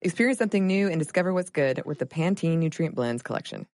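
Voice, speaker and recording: Low-voiced woman reading a dry studio ad. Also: animated, fast talker, darkish tone, dry recording. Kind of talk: scripted ad read.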